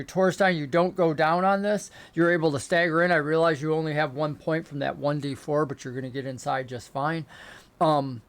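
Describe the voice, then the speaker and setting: A man narrating as game master of a remote tabletop game, descriptive and rising into excited action narration. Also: on the high side, moderate pace, smooth. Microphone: remote call setup.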